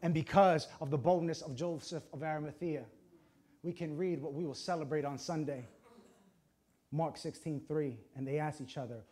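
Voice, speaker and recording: A man preaching a sermon with passion, swinging between hushed and loud delivery and using dramatic pauses and short emphatic phrases. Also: a little high, fairly even intonation. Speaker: pastor.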